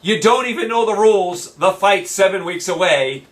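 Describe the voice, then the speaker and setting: A man's voice: high voice, animated, moderate pace, a bit bright, distant mic. A man hosting his own sports show, ranting brashly in a monologue, with a combative manner and lines repeated for emphasis.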